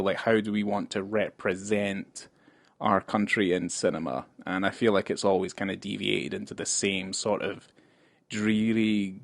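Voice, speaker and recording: A man's voice: fairly low pitch, creaky, dry recording. A Scottish man co-hosting a film podcast, talking casually with lots of restarts and candid asides. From Scotland. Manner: rambling, many restarts, candid swearing. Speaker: podcast co-host.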